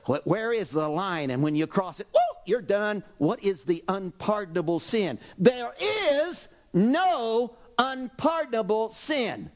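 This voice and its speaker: Guy preaching a sermon, high voice swinging way up and down, acts out the crowd. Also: lively intonation, moderate pace, hardly any pauses. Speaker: pastor.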